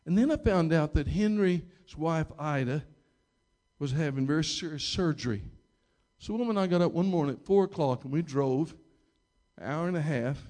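A male pastor telling a story from the pulpit in a mid-range voice. He rambles, restarts his sentences and repeats little words. He pushes up in pitch and volume when he stresses a point. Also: darkish tone. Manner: emphatic, rising in pitch and volume at key moments. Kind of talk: storytelling sermon.

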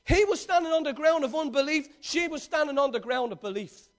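High-voiced man preaching a sermon. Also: lively intonation, fairly quick. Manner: reads scripture then retells it with emphatic swings from loud to quiet.

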